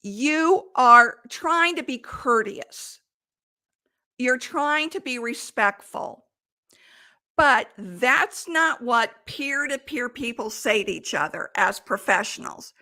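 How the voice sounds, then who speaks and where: Woman sales coach, kinda high bright voice, talks slow and leans hard on words. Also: expressive. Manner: emphatic, deliberate delivery with quoted examples. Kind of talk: coaching monologue.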